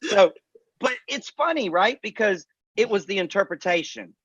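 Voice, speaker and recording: A man's voice: high-pitched, animated, moderate pace, a bit bright, slightly rough, no echo, dull audio. A man co-hosting a casual chat show, telling stories with animation and calling his viewers y'all. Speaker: co-host.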